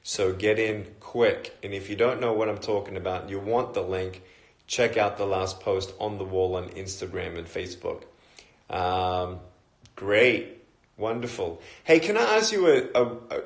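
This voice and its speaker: Aussie guy, middle-aged, lowish voice, chatting on a phone livestream, lots of ums. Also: unhurried. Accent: Australian. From Australia. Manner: chatty, greets viewers by place, many ums and uhs. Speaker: motivational speaker. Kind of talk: casual live-stream chat.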